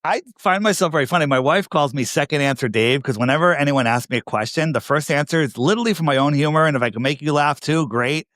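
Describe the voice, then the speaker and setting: A man's voice: on the high side, quick pace, hardly any pauses, a bit bright, no room sound, studio quality. Emphatic man with New York accent. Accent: New York area. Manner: emphatic, fires rhetorical questions. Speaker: podcast guest. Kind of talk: casual conversation.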